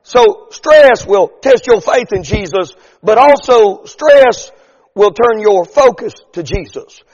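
A middle-aged pastor preaches to his congregation in a high, ringing voice. His lines swell into shouts and stretch out slowly at the peaks. The sanctuary adds a long reverb tail to every word. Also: expressive, highs cut off. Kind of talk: sermon. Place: church sanctuary.

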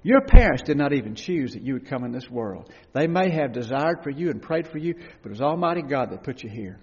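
A man's voice: mid-range voice, very animated, fairly quick, husky. Impassioned male preacher in a reverberant church. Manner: impassioned preaching, swelling to loud cries and dropping to hushed tones. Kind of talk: sermon. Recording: dull, lo-fi recording with long hall reverb.

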